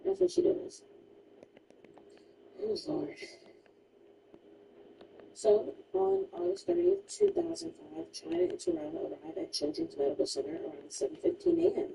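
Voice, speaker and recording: A woman's voice: high voice, very animated, moderate pace, creaky, long pauses, mellow, recorded from a distance, a little hiss or hum, poor audio. A woman streamer casually retelling a true crime story while gaming, emphatic and chatty, full of "like" asides.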